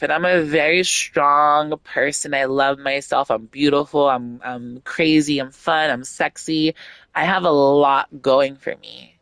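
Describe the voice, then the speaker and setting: A woman's voice: deep voice, creaky, a bit bright, no echo. Blunt, outspoken woman streamer. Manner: blunt, outspoken, swears freely, rambles with many fillers. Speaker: gaming streamer. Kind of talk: casual stream chat.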